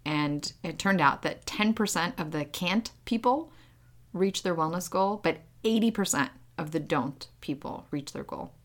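A woman's voice: on the low side, animated, measured pace. A woman co-hosting a casual podcast chat, explaining research findings in a conversational way. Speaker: podcast co-host.

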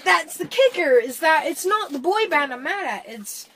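A slightly higher-pitched American woman in loose, boozy podcast banter. She talks with animated energy, swears freely and laughs often. There is a tipsy looseness to her speech. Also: normal speed, slight background noise. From United States. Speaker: podcast co-host. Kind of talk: casual chat.

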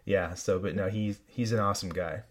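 A man hosting a podcast who speaks in a fairly low voice. He chats in a relaxed, reflective way and leans on fillers. His tone is easygoing. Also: fairly quick, crowd noise. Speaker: podcast host. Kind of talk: casual chat.

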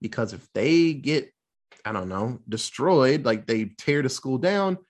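A man casually recapping a film plot, swearing freely and acting out the characters' lines in quick put-on voices. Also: medium pitch, sing-song. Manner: loose, profane, acts out quotes in quick voices. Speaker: podcast host recapping a film. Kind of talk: casual chat.

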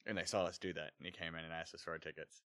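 Deep-voiced teasing man. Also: very fast, no room sound. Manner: teasing, deadpan, tells anecdotes. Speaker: podcast co-host. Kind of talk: casual chat.

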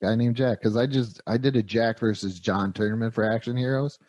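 A man's voice: medium pitch, steady tone, fairly quick, a little mellow, no echo. A man hosting a casual movie review podcast, rambling enthusiastically about action heroes. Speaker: podcast host.

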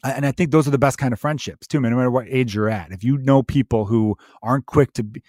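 A man hosting his own podcast, ranting in a profane, animated, conversational way. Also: mid-range voice, quick pace, dry recording, clean studio sound. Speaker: podcast host, comedian. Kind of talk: solo podcast rant.

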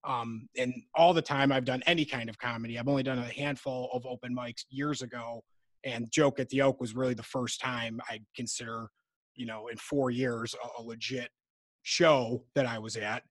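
A man hosting a podcast, talking in a relaxed, conversational way. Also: medium pitch, moderate pace, no echo. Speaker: podcast host. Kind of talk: casual podcast interview.

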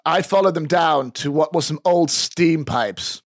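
A sly little mousefolk spy who loves his own secrecy and drama, as a game master puts him on. The voice sits a bit high and is recorded very dry and close, with nothing around it. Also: a little slow, no room sound. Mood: conspiratorial. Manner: theatrical, conspiratorial, proud. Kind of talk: tabletop game character voice.

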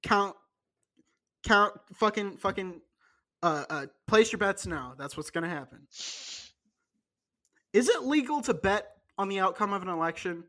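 A man with a notably high voice co-hosting a casual podcast. He rambles, jokes and restarts his sentences often, laughing along as he goes. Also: lively intonation, a little slow, pauses often, a bit bright. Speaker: podcast co-host. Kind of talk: casual chat.

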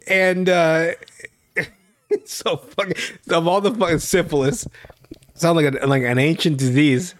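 A man's voice: high-pitched, lively intonation, takes it slowly, long pauses, no room sound, clean studio sound. Laughing, swearing man recapping a show. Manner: laughing storyteller, acts out lines, heavy swearing. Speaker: podcast host recapping an episode. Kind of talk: casual profane recap chat.

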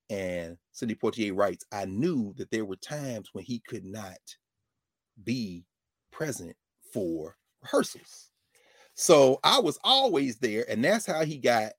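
A middle-aged man hosting, telling a story in a casual, animated way with lots of digressions and self-corrections. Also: fairly low pitch, no echo, clean studio sound.

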